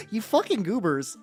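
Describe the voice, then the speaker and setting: This American VTuber has a mid-range voice and chats animatedly with her viewers as she paints miniatures. Her livestream talk is rambling, playful, and sprinkled with swearing over faint background music.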